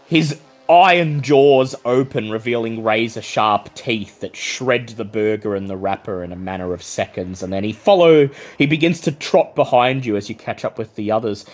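A man running a tabletop game as game master, narrating scenes descriptively with frequent pauses. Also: medium pitch, soft background music.

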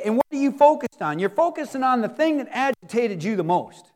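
A man preaching a sermon as pastor, animated, acting out the inner voices of his listeners. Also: extremely high pitch, fairly quick.

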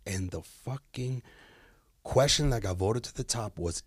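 A comedian from Detroit, guesting on a podcast, tells a long story in casual talk with a lowish voice at a moderate pace. He's animated, swears freely, and voices the people in the tale. The recording is dry and studio-clean.

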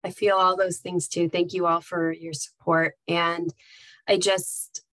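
Candid lower-voiced woman, dry sound. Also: level tone, unhurried, no echo, low-quality recording. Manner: candid, warm-hearted storytelling with fillers. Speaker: nonprofit staff leader. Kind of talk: casual reflective chat.

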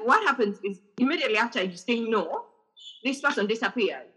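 A woman's voice: on the high side, fast talker, husky, low-quality recording. A woman hosting a podcast over a video call, telling a personal story in casual chat and acting out the messages she received. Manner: animated storytelling, acts out quoted messages. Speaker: podcast host.

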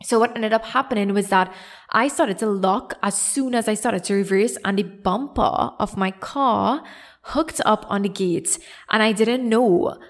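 A young woman with a Trinidadian accent tells a story on her podcast. She talks casually and with lots of animation, pokes fun at herself, and acts out the voices of the people she quotes. Her pitch sits in an ordinary middle range. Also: unhurried. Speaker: podcast host.

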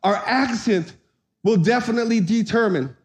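Male pastor, high-pitched, animated storyteller in the pulpit. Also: normal speed. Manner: animated storyteller, acts out voices, shouts for comic effect. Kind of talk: sermon with storytelling.

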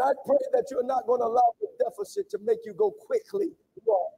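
A man pastor leading an impassioned sermon prayer, with a fervent, repetitive preaching cadence that swings from shouts to hushed pleading. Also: extremely high pitch, sing-song, a little fast, gravelly, hardly any pauses, slightly rough, low-quality recording.

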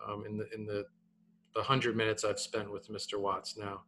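A man in his thirties co-hosting a casual podcast, animated and repeating his words, tagging "man" onto his sentences. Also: lowish voice, moderate pace, slight background noise. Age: 30s. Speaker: podcast co-host.

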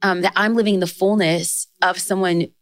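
A woman with a lower voice tells lively stories as a podcast guest in a casual chat; she is an author and speaker. The recording is dry. She talks in fast bursts, rising excitedly on quoted lines.

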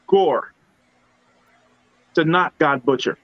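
A man's voice: fairly high pitch, slow, a bit bright, no echo. A man co-hosting a podcast, ranting in a heated, profane way. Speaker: podcast co-host. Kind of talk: casual podcast rant. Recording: dull, dry lo-fi sound.

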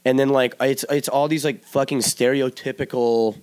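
A man's voice: medium pitch, fairly even intonation, normal speed, darkish tone, smooth. Rambling, laid-back young man chatting. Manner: rambling, profane, laughs often. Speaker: podcast co-host. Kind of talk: casual chat.

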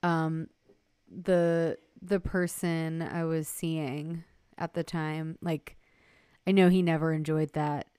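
A woman's voice: low voice, flat delivery, slow pace, dark tone, clean tone, dry recording. A woman co-hosting a podcast, chatting casually with dry, joking asides. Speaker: podcast co-host. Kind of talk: casual chat.

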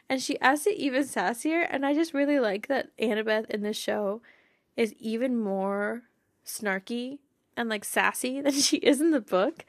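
A woman's voice: a little high, dry recording, clean studio sound. A woman hosting a casual fan podcast, bubbly and giggly, rambling with lots of "like" and "you know.". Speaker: podcast host.

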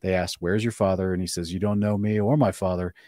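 A man hosting a casual live-streamed discussion, reading scripture aloud in between quick restarts and short chuckles. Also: deep voice, flat delivery, dark tone, dry recording, studio quality. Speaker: host.

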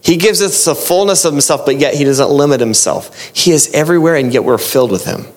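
A man's voice: fairly high pitch, expressive, fairly quick. A man preaching a sermon, earnest and explaining, often repeating and restarting his phrases.

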